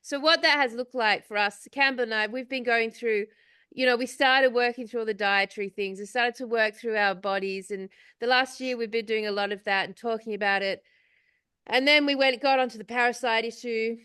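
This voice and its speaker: A middle-aged woman speaks in a smooth, clear voice pitched slightly high. The sound is dry and close. She chats casually on a video call, rambling through spiritual ideas with plenty of fillers and swearing freely. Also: a little fast, bright, forceful tone, dry recording. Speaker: podcast co-host.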